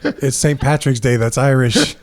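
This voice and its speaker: A man's voice: mid-range voice, very animated, measured pace. A man hosting a comedy podcast in casual banter, playing with words and laughing often. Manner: giggly, playful wordplay.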